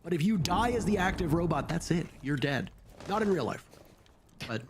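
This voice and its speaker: A man calling esports play-by-play, excitable and rising at big plays. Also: on the high side, normal speed, slight background noise. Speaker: play-by-play caster.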